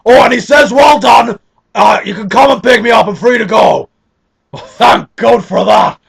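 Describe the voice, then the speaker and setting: A man playing a shrieking, gravelly arch-villain. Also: extremely high pitch, moderate pace, full character voice. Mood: ranting villain. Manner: shouty, melodramatic, breaks character to complain. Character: ranting villainous mastermind, adult male. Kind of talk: fan parody audio drama.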